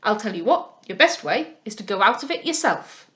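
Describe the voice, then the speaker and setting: A woman voicing a surly, prejudiced English captain who speaks bluntly and gruffly. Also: medium pitch, very animated, moderate pace, a bit bright, voice pushed down.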